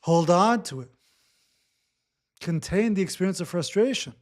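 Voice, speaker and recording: A man leading a guided breathwork session, speaking gently and repeating his cues. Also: sits high, animated. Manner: slow, repetitive, gently instructive. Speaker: breathwork facilitator.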